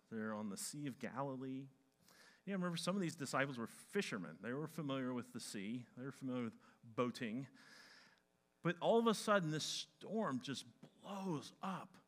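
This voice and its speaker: A man preaching a sermon to a congregation, dramatizing Bible stories with animated shouts. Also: mid-range voice. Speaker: pastor.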